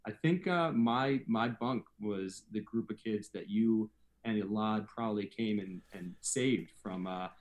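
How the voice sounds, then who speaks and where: Casting: lower-pitched male guest, halting, reminiscing, filler-heavy. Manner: halting, repeats himself, many fillers. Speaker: guest, former camper. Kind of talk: casual reminiscing chat.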